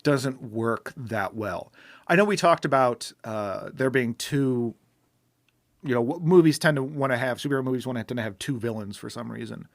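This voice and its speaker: A man's voice: mid-range voice, normal speed, no echo, studio quality. A man co-hosting a podcast, chatting casually and rambling with many restarts. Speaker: podcast co-host. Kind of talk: casual chat.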